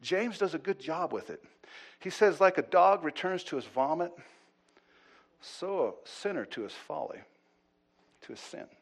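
A man preaching a sermon. His delivery swings between loud, urgent pleading and low, hushed asides, and he often repeats words as he restarts a thought. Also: expressive, unhurried, long pauses. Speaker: pastor.

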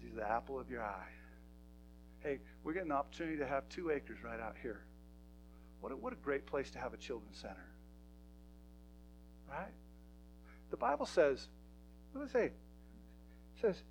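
A man's voice: mid-range voice, sing-song, normal speed, pauses often, lo-fi sound, slight background noise. A man preaching a sermon in a church, talking to his congregation in an emphatic, conversational way. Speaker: pastor.

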